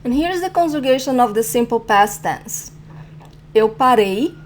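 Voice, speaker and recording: A woman's voice: high-pitched, lively intonation, slight background noise. Woman teaching a language lesson. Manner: clear, patient explaining, repeats example phrases slowly.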